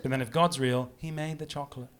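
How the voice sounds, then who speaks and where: A man doing a rambling stand-up comedy set, animated and giggling at his own jokes. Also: medium pitch, quick pace. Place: pub comedy room with live audience. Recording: live audience laughter and applause.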